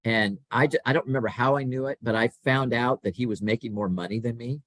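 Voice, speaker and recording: Speaking quickly in a medium-pitched voice, a middle-aged podcast guest shares conversational stories from his career. He animatedly performs bits of quoted dialogue, recorded without echo.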